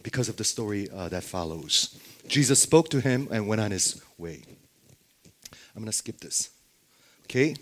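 A man's voice: on the low side, lively intonation, moderate pace, pauses often. A man preaching a Bible sermon who keeps asking his listeners rhetorical questions and checking in with "okay?".

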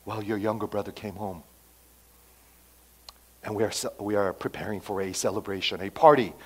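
A man voicing a servant quietly reporting news in a sermon retelling. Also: lowish voice, steady tone, moderate pace, slightly rough, voice pushed down. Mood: calm.

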